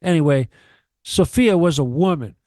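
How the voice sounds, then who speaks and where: A man with a slightly high voice lectures a radio audience, swearing often and hammering his points through repetition. He sounds close to the microphone, with almost no room around him. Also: lively intonation, normal speed, a little mellow, dry recording. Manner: profane, emphatic, preachy, repeats himself. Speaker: guest on a radio talk show. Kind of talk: ranting radio talk.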